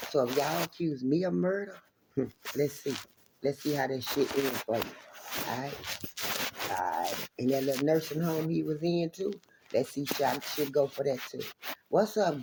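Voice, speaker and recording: A woman's voice: low voice, background noise. A woman talking straight to her viewers in an angry, confrontational monologue. She swears a lot and repeats herself. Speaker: vlogger addressing viewers. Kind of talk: angry direct-to-camera monologue.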